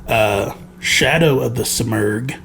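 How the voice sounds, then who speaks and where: A man's voice: mid-range voice, takes it slowly, fairly bright tone, a little hiss or hum. Laughing man chatting about a game. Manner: laughs often, rambling with many fillers. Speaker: podcast co-host. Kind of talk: casual game review chat.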